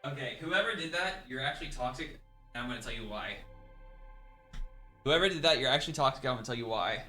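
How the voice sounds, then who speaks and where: A man with a mid-range voice streams a game live, talking quickly and animatedly to his viewers and laughing often. Faint music plays behind him.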